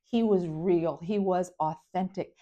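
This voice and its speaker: A middle-aged woman from Florida giving an animated personal storytelling talk, full of dramatic pauses and character voices. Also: on the low side, dull audio. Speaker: speaker.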